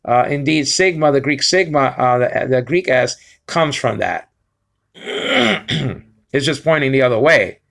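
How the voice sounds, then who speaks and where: A man's voice: medium pitch, animated, measured pace, vocal fry, pauses often, a bit bright. A man giving an informal Hebrew lesson, explaining step by step and often asking if listeners understand. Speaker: Bible teacher.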